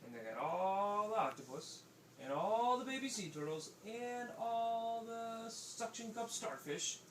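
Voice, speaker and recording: A man telling an improvised bedtime story to his child, animated and voicing the characters. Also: high voice, measured pace, roomy sound, far from the mic, heavy background noise.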